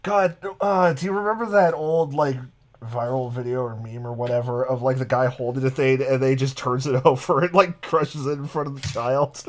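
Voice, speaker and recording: Man, podcast co-host, middle pitch, explanatory, dryly amused. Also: normal speed. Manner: explanatory, relaying odd facts with dry amusement. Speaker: podcast co-host presenting research. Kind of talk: casual podcast chat.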